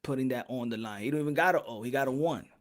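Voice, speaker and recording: A man's voice: medium pitch, very fast. Male boxing podcast host, solo rant, fiery and foul-mouthed, with repetitive rhetorical jabs. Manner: heated, profane, hammering repeated rhetorical questions.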